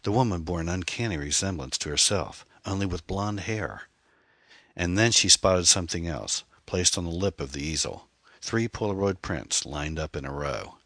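A man narrates a mystery audiobook in a steady, suspenseful manner. His voice sits very low, husky and forceful. The recording is dry and close. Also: normal speed, no echo.

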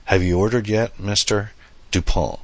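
A man's voice: fairly low pitch, steady tone, normal speed, no echo, voice pushed up. A man voicing a tired, reserved young woman photographer who speaks politely but guardedly in an audiobook reading. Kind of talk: audiobook character voice.

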